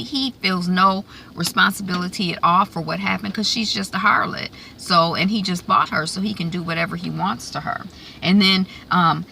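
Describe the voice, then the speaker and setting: A woman recapping a TV episode in a loose, conversational way, stopping often on ums and restarts. Her voice has a gravelly fry and a bright, forward tone at a middle pitch. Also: a little hiss or hum. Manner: chatty, full of ums, acts out quotes. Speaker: TV recap reviewer.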